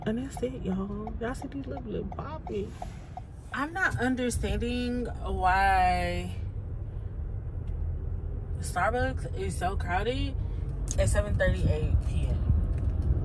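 A woman, talking casually and dramatically to her viewers in a vlog, sounding tired. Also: on the high side. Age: 20s. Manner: chatty and dramatic, often calling out to viewers. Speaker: vlogger. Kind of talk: casual vlog talk to camera. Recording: phone video with car noise.

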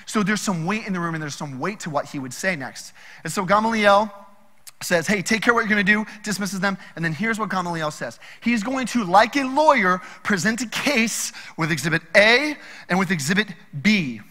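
Bright, high-voiced casual preacher. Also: male voice, moderate pace, long reverb tail. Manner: casual, animated storytelling. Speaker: pastor. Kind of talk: sermon.

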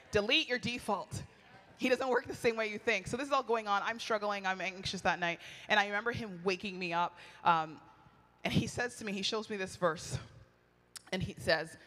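A middle-aged woman is the speaker at a retreat, preaching a sermon full of animated personal stories told in a frank, conversational manner. Her voice sits mid-range and sounds fairly bright, with a long reverb from the hall.

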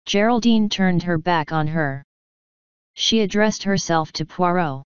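A woman narrating an audiobook in a calm, even storytelling manner. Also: on the low side, measured pace, clear, resonant tone, no echo, muffled recording. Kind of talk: scripted narration.

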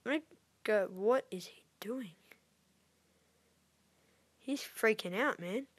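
A woman giving excitable live gameplay commentary as a YouTuber, squealing at wins and dropping to whispers when tense. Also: on the high side, takes it slowly, husky. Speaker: gaming YouTuber.

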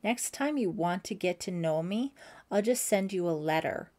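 A woman voicing a pushy, quick-tempered teenage boy who is a camp counselor, speaking in a cocky, sulky manner. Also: lowish voice, animated, a little mellow, lightly acted. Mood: annoyed.

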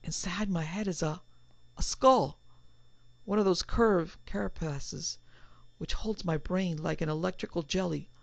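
A woman's voice: lowish voice, unhurried, creaky, dry recording. A woman voicing an anxious middle-aged man in a panic, with a strained, agitated delivery. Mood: horrified. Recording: slightly dull, dry recording.

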